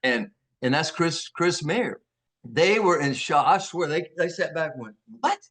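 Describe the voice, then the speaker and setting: An older actor being interviewed, telling animated stories with many restarts and acting out the voices of people he quotes. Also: on the high side, a little slow. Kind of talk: anecdotal storytelling.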